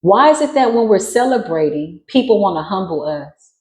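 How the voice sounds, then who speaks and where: A woman's voice: expressive, normal speed, darkish tone, roomy sound, poor audio. Brash, profane woman giving a spiritual reading. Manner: brash, sassy and profane, with sudden high squeals. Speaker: spiritual reader. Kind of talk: casual spiritual reading monologue.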